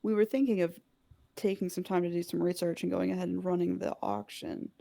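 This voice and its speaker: A woman player talking casually and haltingly at a tabletop game. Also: fairly low pitch, steady tone, gravelly, dark tone.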